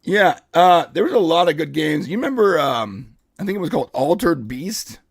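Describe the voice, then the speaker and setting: A man with a hoarse, husky edge and a gravelly rasp running a casual podcast. His voice sits a touch high for a man and sounds dry and close. He talks with easy excitement. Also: moderate pace, no echo. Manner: excitable, leads the topics. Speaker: podcast host. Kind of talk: casual live podcast chat.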